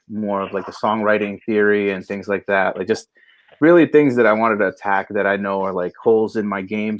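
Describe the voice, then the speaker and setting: A man co-hosting a podcast remotely, chatting loosely and rambling with lots of fillers and swearing. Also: fairly low pitch. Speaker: podcast co-host. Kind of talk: casual chat. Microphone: remote call setup.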